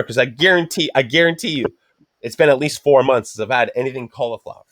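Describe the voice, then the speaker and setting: A man's voice: medium pitch, quick pace, no room sound, studio quality. A man on a podcast telling a rambling, profanity-filled story and acting out the other people in it. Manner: profane, animated storytelling with acted quotes. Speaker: podcast co-host. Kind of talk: casual chat, storytelling.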